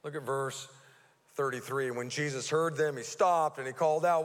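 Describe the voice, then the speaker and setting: A man's voice: mid-range voice, steady tone, normal speed. A male pastor preaching a live sermon, earnest and often restarting his words. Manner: earnest, with repeated stammered restarts. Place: church sanctuary. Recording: reverberant church hall.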